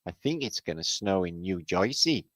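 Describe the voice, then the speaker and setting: A man hosting a livestream, chatting casually and giving rambling shout-outs to viewers. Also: sits low, lively intonation, moderate pace, no echo. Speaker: livestream host.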